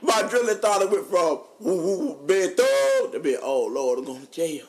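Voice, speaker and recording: A man, a podcast co-host telling funny stories in casual chat, animated and laughing often. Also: moderate pace. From North Carolina. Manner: animated, laughing often, drops low for quoted voices. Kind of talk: casual storytelling.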